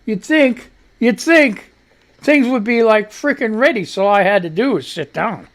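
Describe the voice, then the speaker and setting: Gravelly, congested man rambling on air. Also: high voice, lively intonation, normal speed, fairly bright tone. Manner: rambling, profane, laid-back. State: congested and wheezing with a cough. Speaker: radio show host. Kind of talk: casual live radio talk.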